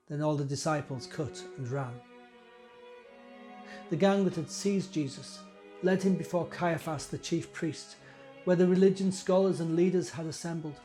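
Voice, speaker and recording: A man reads scripture in a measured, storytelling way. His voice is mellow and a little high, and faint instrumental music plays under it. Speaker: scripture reader. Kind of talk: dramatic scripture reading.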